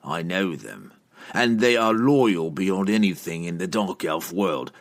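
A man's voice: low-pitched, lively intonation, a little slow. Entreri, a man voicing a grim assassin. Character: grim cunning male human assassin.

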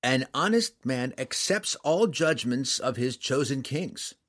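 A man voicing a nervous, scheming little merchant who stammers and speaks in a raised, halting voice. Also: mid-range voice, expressive, fairly bright tone, voice pushed up. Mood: steadying.

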